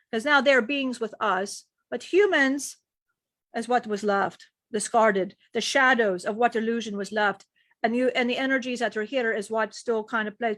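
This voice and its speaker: A woman telling a spiritual story in slow, repetitive storytelling while speaking as a male being she channels. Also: a little high, fairly bright tone, no echo, clean studio sound.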